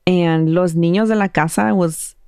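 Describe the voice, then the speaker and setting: Animated woman telling spooky stories. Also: on the low side, normal speed, smooth, no room sound, studio quality. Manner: animated, laughing, acts out quoted voices. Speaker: podcast host, storyteller. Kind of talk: casual storytelling chat.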